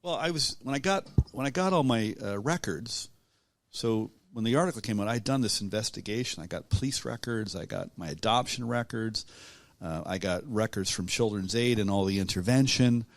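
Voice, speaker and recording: A man being interviewed about his own life, talking in a halting, reflective way with many restarts. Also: fairly low pitch. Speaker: guest author. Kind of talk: conversational storytelling.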